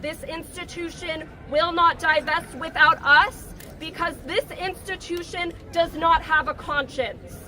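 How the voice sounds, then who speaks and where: High bright-voiced woman rallying outdoors. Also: measured pace, hardly any pauses, slight background noise. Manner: emotional, rousing, call-and-response cadence. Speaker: rally speaker. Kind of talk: impassioned protest speech. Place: outdoor campus green at a rally. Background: crowd cheering.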